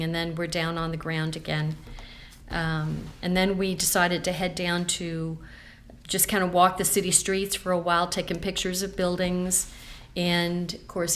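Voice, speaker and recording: A woman's voice: on the low side, a little hiss or hum. A woman, a scrapbooking consultant talking through her album in a casual, rambling vlog with lots of fillers. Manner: chatty and rambling, with many fillers. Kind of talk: casual show-and-tell vlog.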